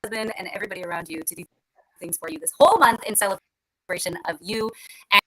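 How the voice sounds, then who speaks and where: A woman's voice: mid-range voice, fast talker, sharp tone, poor audio. A woman hosting a casual panel talk, upbeat and encouraging, her voice coming through a garbled, robotic-sounding mic. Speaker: host.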